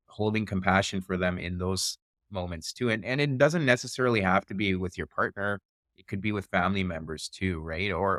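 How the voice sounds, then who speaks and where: A man hosting a conversational podcast, who affirms his guest and adds his points calmly, with small restarts. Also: low-pitched, dry recording, studio quality. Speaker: podcast host. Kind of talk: conversational interview.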